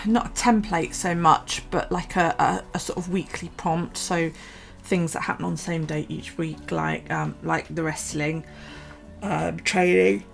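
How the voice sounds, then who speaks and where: A woman's voice: deep voice, fairly even intonation, measured pace, gravelly, soft background music. A woman from the UK, chatting casually in her vlog, tired and yawning, rambling with many ums and restarts. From United Kingdom. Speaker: vlogger. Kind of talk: casual chat over a journaling video.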